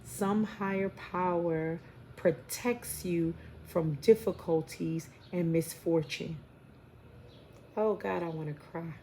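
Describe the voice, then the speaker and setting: This woman reads tarot for her viewers in a heartfelt, spiritual and preachy way, with a New York accent and frequent y'alls and babys. She speaks slowly in a fairly low, warm voice with fairly even intonation, and the home recording is noisy.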